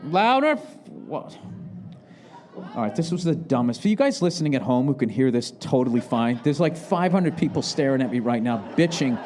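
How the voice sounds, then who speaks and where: A man doing live stand-up, ranting sarcastically and profanely, with shouted bursts, on a handheld mic before a big crowd. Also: medium pitch, lively intonation, quick pace, hardly any pauses. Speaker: stand-up comedian. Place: large live venue with audience. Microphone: handheld microphone.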